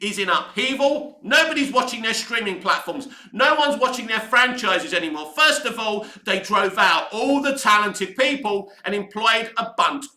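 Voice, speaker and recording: A man ranting angrily in a heated, sweary commentary, his voice going hoarse. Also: high-pitched, lively intonation, moderate pace, few pauses, bright, forceful tone, roomy sound. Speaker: online commentary host. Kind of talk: angry opinion rant.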